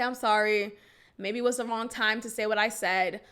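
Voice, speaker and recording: A young adult woman hosting a podcast, telling a personal relationship story candidly and expressively, sighing and then exclaiming loudly. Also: normal speed, clean tone. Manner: expressive, venting, swings from low sighs to loud exclamations. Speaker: podcast host. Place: Houston, Texas.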